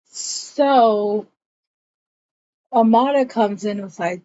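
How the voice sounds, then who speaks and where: In a slightly high, darkish voice, a TV series reviewer talks very slowly through an episode recap. Her retelling is chatty and casual, with quoted lines acted out. The audio is dull.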